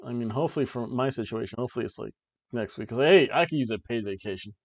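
A man's voice: mid-range voice, quick pace, no room sound, muffled recording. A young man hosting a wrestling review podcast, giving casual, joking play-by-play with lots of fillers. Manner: rambling, joking, frequent "uh" and "like".

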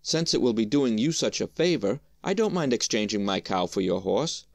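A man's voice: lowish voice, lively intonation, moderate pace, vocal fry, no echo, clean studio sound. A man voicing an obliging country peasant in a storybook reading, easygoing and plain.

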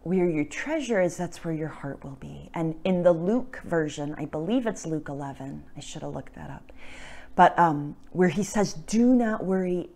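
A woman hosting a religious talk show from her home, teaching in a gentle, casual way with many ums, her voice slightly cracking from disuse. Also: deep voice, expressive, normal speed. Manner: soft-spoken, gentle, with frequent ums and self-corrections. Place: at home, indoors.

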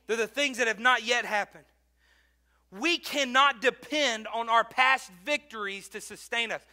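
High, bright-voiced male preacher. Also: a little slow. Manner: swings between loud preaching bursts and quiet asides. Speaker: pastor. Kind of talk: sermon.

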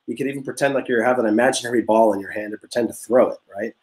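A young man teaching a music class, leading vocal warm-ups in an upbeat, encouraging way and explaining step by step. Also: medium pitch, rapid-fire. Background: guitar notes played under the talk.

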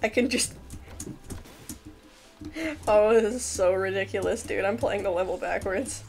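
A woman casually commentating a game she is playing, excitable and jokey, laughing often and yelping when things go wrong. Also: mid-range voice, a little slow, faint music behind. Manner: excitable, laughing, swearing, yelps in panic. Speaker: gameplay commentator. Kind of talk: casual let's-play commentary.

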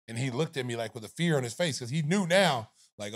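A man's voice: medium pitch, very animated, quick pace, few pauses. A middle-aged man, a podcast host and former coach, telling a story with lots of acted-out quotes, laughs and swearing. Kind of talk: animated storytelling.

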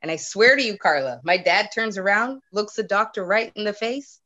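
Bright-voiced woman comedian telling stories. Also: medium pitch, lively intonation, normal speed, lo-fi sound. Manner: laughs through her own storytelling. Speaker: comedian guest. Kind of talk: casual interview chat.

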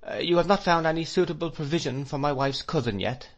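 A man doing a gentle, dreamy elderly schoolmaster. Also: fairly high pitch, fast, pitched above the performer's own voice, close to an everyday voice. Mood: earnest. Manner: gentle, mild, hesitant with little "uh"s. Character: kindly absent-minded elderly male schoolmaster.

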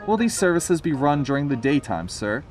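A man's voice: on the high side, big pitch swings, normal speed, darkish tone, soft background music. A man voicing a polite, eager young male engine who speaks courteously and a little nervously.

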